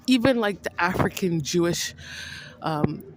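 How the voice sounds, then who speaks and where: A woman vlogger in a rambling monologue, accusing someone she addresses by name, repeating herself with halting restarts. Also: fairly low pitch, animated, a little hiss or hum, poor audio. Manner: accusing, repetitive, addresses an absent person by name; halting, with many restarts and fillers.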